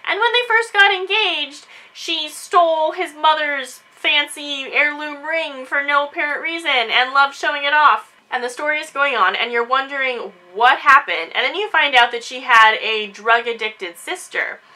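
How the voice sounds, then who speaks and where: A woman chatting casually in a book discussion vlog, animated and quick to act out quotes. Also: high voice, poor audio. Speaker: book reviewer.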